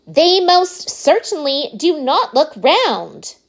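A woman voicing a spoiled, whiny rich girl in a storybook read-aloud, speaking in a petulant, drawn-out way. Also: mid-range voice, big pitch swings, husky, voice pushed up, full character voice.

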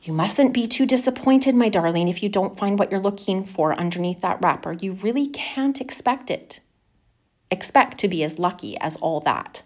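A woman voicing a kind, gentle mother who speaks in a soft, soothing way. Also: medium pitch, animated, normal speed, natural voice. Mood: tender.

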